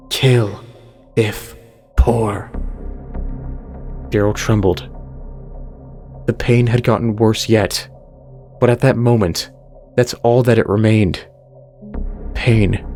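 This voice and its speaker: A man reading a horror story aloud as the channel's narrator, in a slow, deliberate delivery. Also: medium pitch, darkish tone. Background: faint music.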